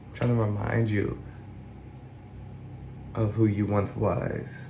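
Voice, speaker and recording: Acting as a life coach, a man reflects casually on song lyrics, explaining ideas through everyday examples and paraphrasing lines in an imagined speaking voice. His voice is fairly low, level, slow, creaky and mellow. The room echoes, with slight background noise and faint music behind him.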